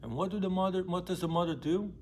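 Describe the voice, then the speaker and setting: A man's voice: high-pitched, fast, a little mellow, a little hiss or hum. A young man casually retelling and discussing a novel, in a slangy, profane, emphatic way. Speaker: book discussion vlogger.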